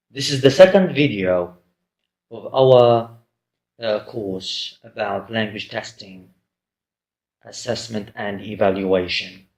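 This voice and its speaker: A man's voice: medium pitch, darkish tone. A man giving a recorded lecture, hesitant and full of fillers and restarts. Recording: roomy echo.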